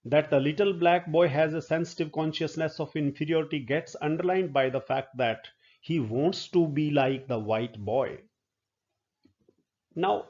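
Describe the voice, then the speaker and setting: Middle-aged man, professor giving a slow, methodical literature lecture, dull lo-fi recording. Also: fairly high pitch, a little mellow. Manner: slow, deliberate explaining with fillers.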